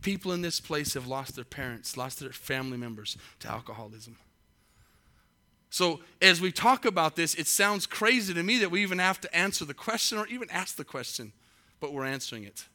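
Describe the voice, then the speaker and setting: A man in middle age preaching from the pulpit, his voice very bright and cutting. He throws rhetorical questions at the congregation and keeps pressing his point with mounting force. The pitch sits a little high for a man. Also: expressive, fairly quick. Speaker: pastor. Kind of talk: sermon.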